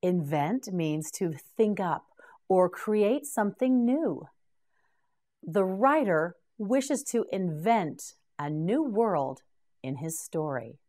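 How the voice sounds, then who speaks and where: A woman's voice: on the low side, animated, mellow. A middle-aged woman teaching English vocabulary, saying each word several times and praising the learner. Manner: patient, encouraging, repeats each word slowly. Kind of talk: slow scripted pronunciation drill.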